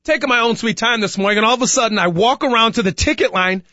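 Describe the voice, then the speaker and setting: Male sports radio host, high bright voice, chatty storyteller, dry dull studio sound. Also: fast talker, no echo. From Chicago. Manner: rambling storyteller, animated when retelling. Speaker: radio talk show host. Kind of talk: casual sports talk radio monologue.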